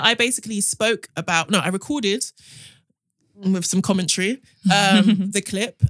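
A British woman hosting a podcast, telling stories and giving opinions in an animated, casual way. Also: fairly low pitch, no echo, clean studio sound. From United Kingdom. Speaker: podcast host.

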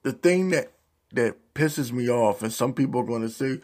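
A man's voice: mid-range voice, moderate pace. A man giving a casual, profane rant as a YouTube commentator, heavy on slang. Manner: profane, animated ranting with slang.

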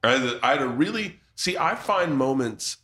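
A man's voice: mid-range voice, expressive, normal speed, pushed and bright. A man hosting a podcast in a pub, telling rambling, profane family stories in casual chat. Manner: rambling storyteller, swears freely. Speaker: podcast host.

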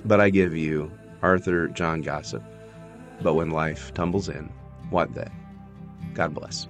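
A man's voice: very deep voice, steady tone, takes it slowly, over music. A man reading a sermon aloud from a manuscript, building intensity in the passionate passages.

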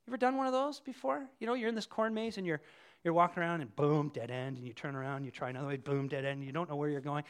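A man giving a sermon in a conversational preaching style, telling vivid everyday illustrations and swinging between hushed and loud delivery. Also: on the high side, racing, few pauses, clean tone. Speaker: pastor.

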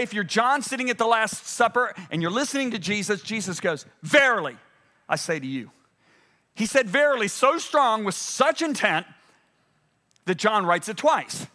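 A male preacher delivering a sermon, swinging between loud urgent peaks and hushed, low passages. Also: expressive, normal speed.

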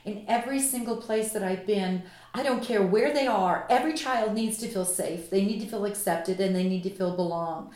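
A woman's voice: mid-range voice, moderate pace, a little mellow. A woman author and expert guest in a podcast interview, telling a vivid story with passion. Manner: impassioned, vivid anecdotal storyteller. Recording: echoey room recording.

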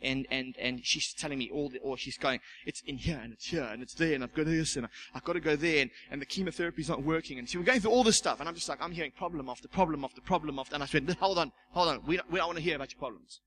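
A church elder preaching with a high, bright voice, acting out the people in his story. He repeats words as he builds up, with a faint hiss under the recording. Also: quick pace, few pauses, low-quality recording. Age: young adult. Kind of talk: sermon with personal testimony.

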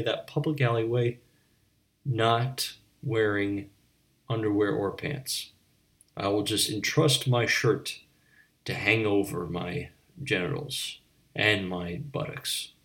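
A man's voice: fairly low pitch, takes it slowly, fairly bright tone. A man delivering a rambling, absurdist comic monologue to the camera, wandering between mock-philosophical musings and stammering restarts. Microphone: on camera, speaking to viewers.

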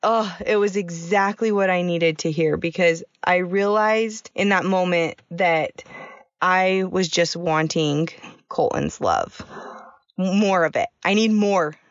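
A woman's voice: lowish voice, animated, slow, no room sound, lo-fi sound. A woman in her thirties co-hosting a podcast, telling a personal story in a chatty way and laughing often. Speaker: podcast co-host. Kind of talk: casual podcast chat.

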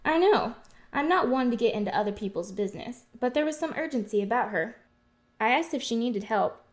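A woman's voice: a little high, animated, brisk, natural voice. A woman voicing a sarcastic late-night waitress. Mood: bored. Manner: sarcastic, blunt, unbothered. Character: blunt, bored late-shift diner waitress. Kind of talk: game voice acting.

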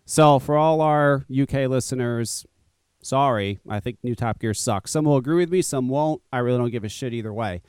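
A man's voice: mid-range voice, moderate pace, darkish tone, clear, resonant tone, no room sound, studio quality. A man hosting a talk radio show, chatting casually in a rambling, profane way and laughing often.

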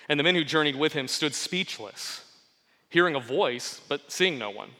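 A man preaching in a clear, bright voice, earnest and steady, pausing to let each point land. He reads scripture aloud and then explains it. His voice rings with a long reverb, as in a large hall. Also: on the high side. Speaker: pastor. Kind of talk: sermon with scripture reading.

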